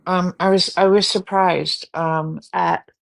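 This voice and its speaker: A woman's voice: lowish voice, steady tone, slow, gravelly. A woman hosting a live stream in casual chat, yawning and rambling, candid and free with swearing. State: sleepy, yawning. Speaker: livestream host.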